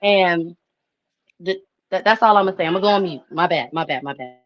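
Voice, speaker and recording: A woman's voice: on the low side, fairly quick. A young woman on a live panel, speaking with emotion close to tears, rambling and repeating words and fillers over a video call. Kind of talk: heartfelt casual testimony. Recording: muffled lo-fi stream audio.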